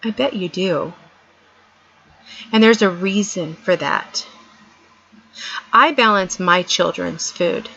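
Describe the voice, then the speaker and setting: A woman's voice: on the low side, takes it slowly, vocal fry, pauses often, sharp tone. A middle-aged woman vlogger giving an earnest, emphatic motivational talk, repeating her points for stress. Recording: dull lo-fi sound.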